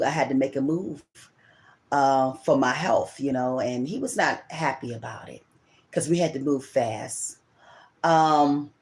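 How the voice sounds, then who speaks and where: A low-pitched, somewhat mellow voice belongs to a middle-aged woman, a tarot reader who hosts a channel. Her personal story meanders emotionally, and she often says the same things again.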